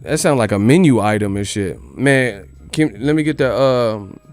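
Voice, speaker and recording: A man's voice: mid-range voice, expressive, moderate pace, a little mellow, soft background music. A man hosting a boxing news channel in casual commentary, joking and incredulous, with plenty of swearing. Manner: incredulous, joking, profane rant.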